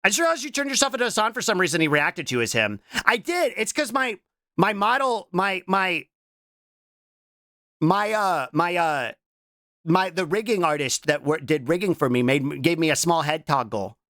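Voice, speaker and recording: A young adult VTuber streamer chatting casually on a live reaction stream. They break into playful shouts and keep tossing out a questioning "what?". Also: mid-range voice, expressive, moderate pace, no echo, studio quality. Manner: keeps repeating a questioning "what?" between remarks; stumbles and restarts mid-sentence.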